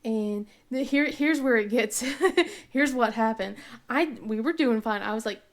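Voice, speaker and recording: Woman, thirties, craft vlogger, casual storytelling, rambling, lots of fillers, laughs often, slightly high pitch. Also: measured pace. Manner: rambling, full of fillers and restarts; laughs often while telling. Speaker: craft channel host.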